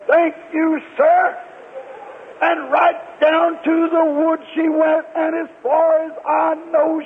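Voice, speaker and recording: High-voiced preacher on a tinny old tape. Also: male voice. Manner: earnest folksy storytelling with homespun grammar. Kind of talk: storytelling sermon. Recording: tinny lo-fi archive sermon tape.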